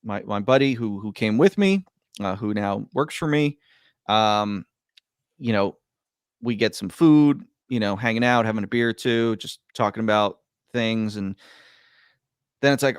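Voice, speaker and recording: A man casually telling a long story on a podcast, rambling and stumbling over his words, his voice swinging between loud bursts and quiet mutters. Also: lowish voice, normal speed, clear, resonant tone, no room sound, studio quality. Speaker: podcast guest.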